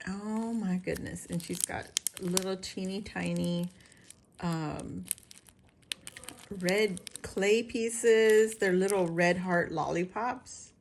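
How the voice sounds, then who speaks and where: A woman hosting her own craft channel, chatting casually and gushing over items as she unboxes them, now and then clearing her throat. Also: fairly low pitch, slow, a little mellow, slight background noise. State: recovering from illness, clears throat.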